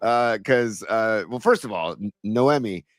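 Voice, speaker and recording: A man's voice: fairly low pitch, measured pace, dry recording. A man co-hosting a podcast in a laid-back, casual way, saying "dude" often. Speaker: podcast co-host.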